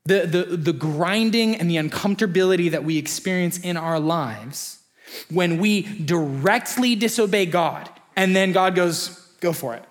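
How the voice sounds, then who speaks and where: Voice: mid-range voice, measured pace. A preacher giving a sermon, conversational and story-driven, often acting out short quotes.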